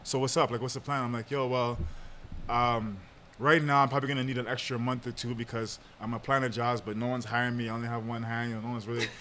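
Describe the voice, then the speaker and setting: A man's voice: mid-range voice, little pitch movement, fast, sharp tone, a little hiss or hum. A young man telling a long personal story on a podcast in a casual way, with lots of fillers and laughter. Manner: laid-back, laughs often, lots of fillers. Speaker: podcast host.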